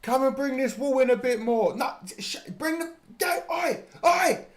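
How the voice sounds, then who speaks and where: British foreman bit, put on by a male streamer, high barking impatient orders, shouty. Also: lively intonation, measured pace. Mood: bossy, shouting. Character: bossy shouting male work-crew foreman.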